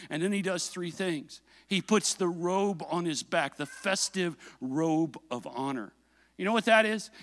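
A man preaching a sermon, telling a self-mocking story with animated delivery and asking the congregation questions. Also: fairly high pitch, dry recording.

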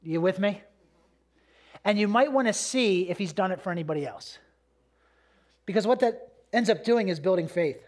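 A man's voice: high voice, animated, normal speed, pauses often, darkish tone. A man, a pastor, giving a conversational sermon with a personal story, talking casually with repeated words and fillers.

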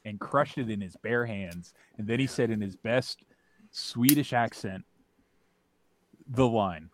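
A man's voice: fairly low pitch, a little slow, noisy background. A man about forty co-hosting a casual podcast, dry and teasing, swearing often. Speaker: podcast co-host. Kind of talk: casual chat.

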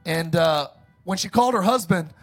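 A pastor preaching a sermon, joking and calling on the congregation to repeat phrases after him. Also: male voice, high voice, moderate pace, soft background music. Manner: jokey, calls for congregation responses.

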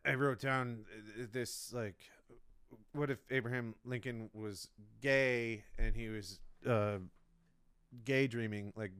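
A man's voice: mid-range voice, steady tone, takes it slowly, fairly bright tone, clear, resonant tone, no echo, clean studio sound. A man, a comedian, rambling through a solo podcast monologue in a self-mocking way, with lots of restarts.

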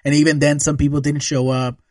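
A man's voice: on the high side, brisk, dry recording, studio quality. A man telling a personal story in casual chat. He swears a lot and laughs often. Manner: relaxed, profane, laughs often.

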